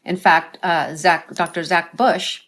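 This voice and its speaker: A woman's voice: fairly low pitch, little pitch movement, slow pace, a bit bright. A woman life coach, a guest on an interview show, telling stories earnestly and often ending her points with a tag question. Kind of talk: conversational interview storytelling.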